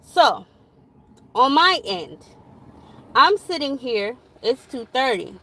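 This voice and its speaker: A young woman, telling a parenting story in a rambling, animated vlog with many fillers. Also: sits high, slow, poor audio. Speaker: parent vlogger.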